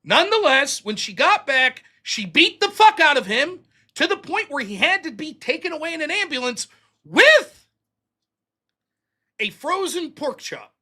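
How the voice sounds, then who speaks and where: Profane, animated American storyteller man. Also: very high-pitched, a little slow. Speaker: host. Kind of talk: casual storytelling.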